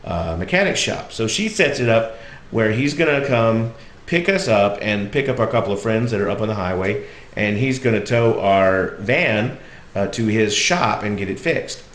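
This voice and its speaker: Relaxed Southern man telling a story. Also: on the low side, moderate pace. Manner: relaxed and reflective, with frequent fillers. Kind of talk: casual storytelling monologue. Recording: echoey room.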